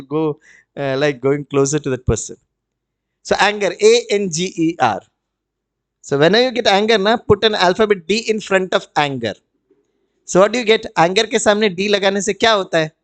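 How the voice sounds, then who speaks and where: A middle-aged man with an Indian accent gives an animated, storytelling spiritual talk and asks the audience questions. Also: sits high. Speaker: spiritual retreat speaker.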